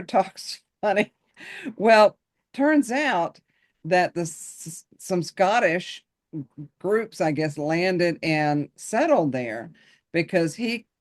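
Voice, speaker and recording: A woman's voice: sits low, a little mellow. A woman interviewing a guest and chatting in an easygoing, amused way. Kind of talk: casual interview chat.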